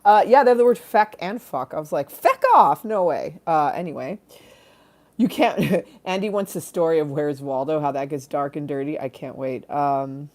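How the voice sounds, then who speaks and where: A woman's voice: low voice, moderate pace, mellow. A young adult woman hosting a casual live stream, rambling with bawdy jokes and frequent giggles. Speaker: livestream host.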